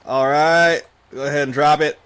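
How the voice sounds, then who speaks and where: A man giving live gameplay commentary, excitable and panicky, quick to laugh and curse. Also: fairly high pitch, clear, resonant tone. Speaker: gaming YouTuber.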